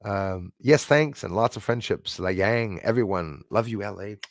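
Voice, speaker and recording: A man's voice: fairly low pitch, moderate pace, no echo, clean studio sound. A man from Montreal, hosting a live stream and casually thanking his viewers as he signs off, switching between French and English. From Montreal, Canada.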